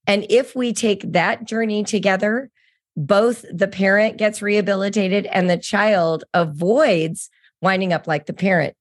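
A woman's voice: on the low side, dry recording. Enthusiastic woman telling stories, dry sound. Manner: enthusiastic, storytelling, quick asides. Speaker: podcast host, writing educator. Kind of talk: conversational interview.

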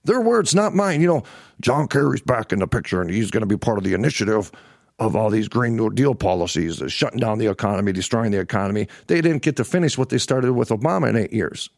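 A man's voice: lowish voice, lively intonation, quick pace, vocal fry, darkish tone, no room sound, studio quality. A middle-aged man hosting a livestream political show, ranting angrily, swearing and repeating himself for emphasis. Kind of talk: angry livestream political rant.

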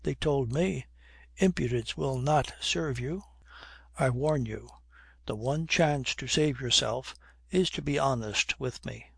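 A man's voice: medium pitch, slow pace, vocal fry, husky, dry recording, studio quality, exaggerated voice. A man voicing a contemptuous older statesman who speaks curtly and sternly, in a storybook reading. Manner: curt, stern.

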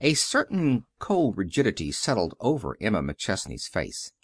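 A man narrating a novel in an expressive, flowing storytelling manner. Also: on the low side, normal speed, slightly rough, dry recording, studio quality. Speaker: audiobook reader. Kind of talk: scripted narration.

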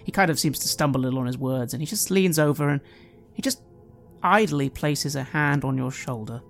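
Gravelly guy running a tabletop game, halting narration, faint music underneath. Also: medium pitch. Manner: halting, hesitant narration with restarts. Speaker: game master.

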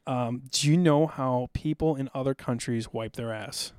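A middle-aged man from South Dakota, appearing as a podcast guest, tells casual stories in an intense, amped-up, blunt, and profane manner. His medium-pitched voice is clear, resonant, and darkish, delivered at a moderate pace. The studio-quality recording has no room sound.

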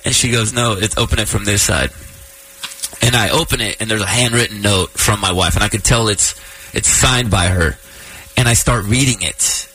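A man's voice: on the low side, moderate pace, sharp tone, breathy edge, rough recording. A man in his thirties, a radio host, telling a personal story in casual chat, choking up and laughing through tears.

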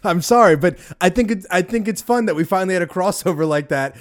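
A man's voice: high-pitched, lively intonation, fast talker. A man co-hosting a casual podcast, joking, interrupting, and laughing often. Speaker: podcast co-host.

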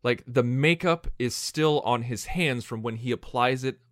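A man with an average-pitched voice, chatting eagerly on a podcast. He strings his thoughts together with plenty of "like" and "you know." The recording is dry, with no room echo. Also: a little slow, fairly bright tone. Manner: enthusiastic, heavy on "like" and "you know". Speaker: podcast co-host. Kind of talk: casual podcast discussion.

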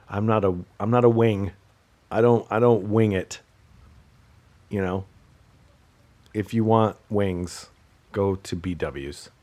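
Low husky man ranting sarcastically. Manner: sarcastic, joking rants with sudden loud outbursts. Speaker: podcast host. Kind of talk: rambling solo podcast monologue.

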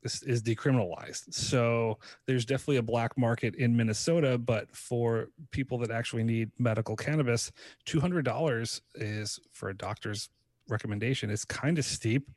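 A man co-hosts a casual podcast, his voice sitting at an ordinary middle pitch. He rambles, stacking fillers and restarting his sentences as he goes. The sound is dry and close, with no room around it. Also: normal speed, darkish tone, no echo. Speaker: podcast co-host. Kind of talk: casual chat.

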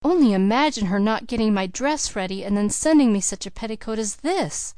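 A woman's voice: mid-range voice, lively intonation, brisk, a little mellow, smooth, no room sound, lightly acted. A woman reading the part of an emotional young woman about to graduate, speaking in an earnest, heartfelt way. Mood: earnest wonder.

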